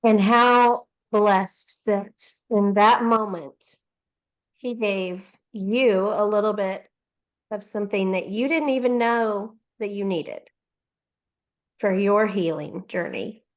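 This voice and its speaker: A woman's voice: mid-range voice, slow. A woman co-hosting a faith ministry podcast, speaking in an encouraging, affirming way to listeners. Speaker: podcast co-host.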